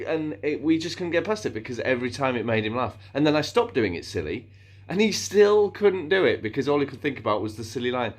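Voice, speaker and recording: A man rambles to camera in a loose, self-interrupting vlog chat. His pitch rises and falls freely as he talks, and he keeps breaking off mid-sentence to start over. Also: a little fast. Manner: meandering, self-interrupting, playfully animated, slips into silly voices. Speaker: vlogger. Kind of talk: casual rambling monologue to camera.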